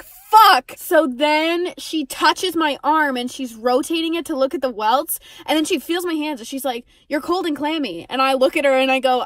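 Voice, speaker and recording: A young woman in her car telling a sarcastic, expressive storytime vlog, swearing freely. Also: high voice, dry recording. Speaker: vlogger.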